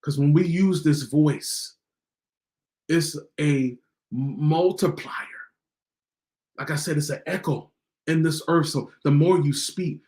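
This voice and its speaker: A man's voice: on the high side, a little mellow. A man hosting a podcast, giving a motivational talk in a preachy way and repeating lines for emphasis. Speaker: podcast host.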